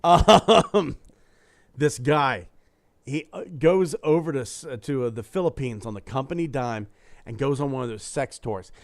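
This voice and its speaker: A man's voice: mid-range voice, measured pace, no echo. Profane rambling podcast man, dry sound. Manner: rambling, profane, tells crude jokes. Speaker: podcast co-host. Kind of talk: casual podcast chat.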